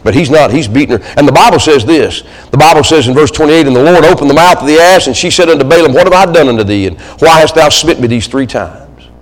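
A man preaching a sermon, swinging between loud pleading and hushed, intimate asides. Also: a little high, lively intonation, fast talker, long reverb tail, low-quality recording. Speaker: pastor. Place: church sanctuary.

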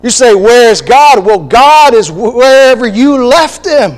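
A man preaching a sermon, animated and acting out quoted voices, with short laughs between points. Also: very high-pitched, unhurried, poor audio.

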